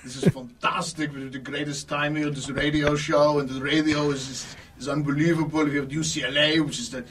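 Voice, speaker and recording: A man doing a loud, boastful celebrity impression and gushing over the top, recorded a little away from the mic with a faint hiss. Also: fairly high pitch, level tone, a little fast, distant mic, lightly acted.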